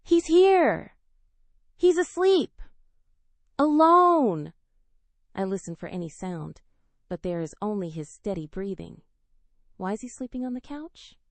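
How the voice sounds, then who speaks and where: A woman narrating a first-person romance story with an emotional, expressive delivery. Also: on the high side, no room sound. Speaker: audiobook narrator.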